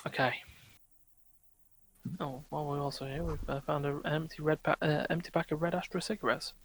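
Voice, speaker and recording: A man hosting a casual gaming podcast, chatting about choices and reading the game's text aloud in a relaxed way. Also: fairly high pitch, fairly quick, a little hiss or hum. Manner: relaxed, reads dialogue options aloud. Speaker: podcast host. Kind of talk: casual let's-play chat and game text reading.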